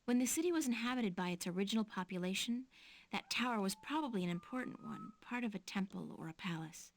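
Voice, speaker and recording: A woman's voice: mid-range voice, animated, fast talker, no room sound, lightly acted. A woman voicing a wry young heroine. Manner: dry, wry remarks. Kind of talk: video game voice acting.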